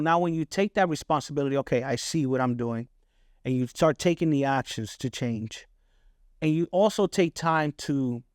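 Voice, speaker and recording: In a clean studio recording with no room sound, a middle-aged man hosts a podcast and shares personal stories. His mid-range voice is a little mellow, and his candid, casual delivery is full of swearing and frequent "right?" check-ins.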